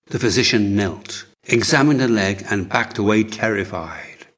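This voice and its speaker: A man narrating a story as an audiobook in a measured, dramatic manner. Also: fairly low pitch, fairly bright tone.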